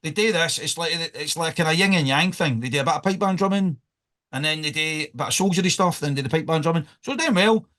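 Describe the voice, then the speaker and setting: A man's voice: a little high, quick pace, a bit bright. A Scottish man hosting a podcast, joking and rambling in casual banter. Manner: joking, rambling, laughs often. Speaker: podcast host.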